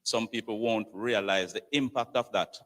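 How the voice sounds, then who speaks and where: A man's voice: on the low side, moderate pace, fairly bright tone, long reverb tail, far from the mic, low-quality recording. Hesitant man answering from a panel. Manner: hesitant, many fillers and repeats. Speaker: police commissioner. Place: conference hall.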